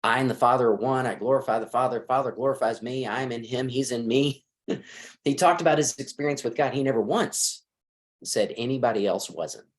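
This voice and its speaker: A man's voice: mid-range voice, brisk. A middle-aged man, a marriage counselor, giving advice in a conversational interview and acting out bits of dialogue as he talks. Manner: lively, acts out quoted dialogue.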